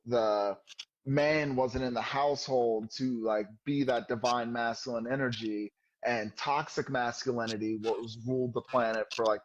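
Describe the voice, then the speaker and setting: A man in casual podcast chat, reflective and lecturing as he talks about spirituality. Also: medium pitch. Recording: dull lo-fi sound.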